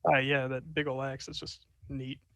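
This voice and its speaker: A man's voice: mid-range voice, flat delivery, moderate pace, sharp tone, no echo. A man playing a curious investigator in a tabletop game, chatty and often cutting himself off. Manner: chatty, self-interrupting, laughs often. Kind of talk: tabletop role-play over a voice call.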